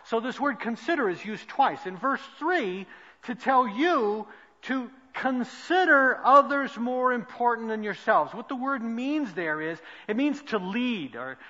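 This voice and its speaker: Male pastor, high voice, earnest sermon, loud peaks and soft asides, dull lo-fi sound. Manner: earnest preaching, swinging between loud emphasis and quiet asides. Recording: dull lo-fi sound with long hall reverb.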